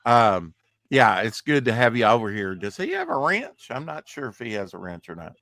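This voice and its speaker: A man's voice: mid-range voice, sing-song, moderate pace, a bit bright. A man hosting a casual livestream, rambling and joking while reading chat aloud, short on sleep. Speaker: livestream host.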